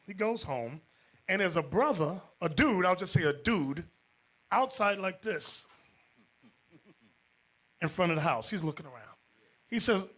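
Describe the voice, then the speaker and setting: A husky-voiced man teaches a Bible class as a bishop. His pitch sits high and swings widely as he tells stories, acting out the people in them and breaking into shouts. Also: a little slow. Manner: animated, acts out quotes, jumps to shouting. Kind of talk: storytelling Bible class sermon.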